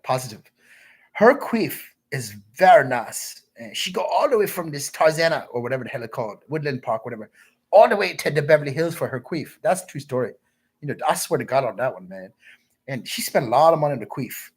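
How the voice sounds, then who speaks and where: Husky guy rambling on his stream, voice all over the place, reads the chat out loud. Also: on the high side. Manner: crude, repetitive, rambling storytelling; reads viewer comments aloud. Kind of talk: rambling livestream monologue.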